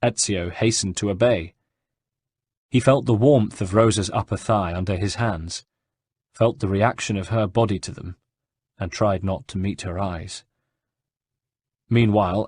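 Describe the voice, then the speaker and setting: Man, audiobook narration, measured, low voice, dry studio. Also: a little mellow, breathy edge, no echo. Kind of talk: scripted narration.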